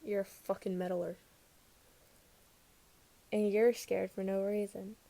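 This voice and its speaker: A woman voicing a gruff, anxious young man who is a tipsy boyfriend, talking low and mumbling in a podfic reading. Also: little pitch movement, slow pace, dark tone. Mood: mocking.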